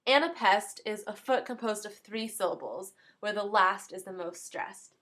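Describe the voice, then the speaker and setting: A woman's voice: medium pitch, normal speed, a bit bright. A young woman giving a plain educational explainer, working through a list of terms and giving an example for each.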